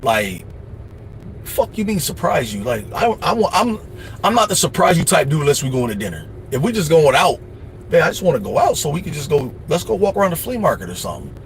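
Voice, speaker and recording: A man hosting a livestream, giving casual life advice in a blunt, profane, preachy way, often mimicking other people in quick asides. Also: on the high side, sing-song, slight background noise. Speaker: livestream host.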